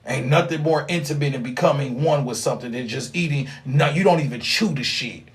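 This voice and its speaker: A young man delivering a rambling, profane spiritual monologue, animated, with sudden loud outbursts. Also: mid-range voice, a little fast. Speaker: spiritual vlogger.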